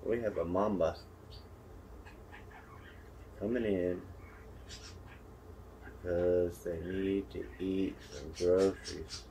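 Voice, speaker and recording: A man giving chatty, joking live commentary as a zookeeper during a snake feeding, with sudden loud playful outbursts. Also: low voice, steady tone, slow, creaky, long pauses, slight background noise, rough recording.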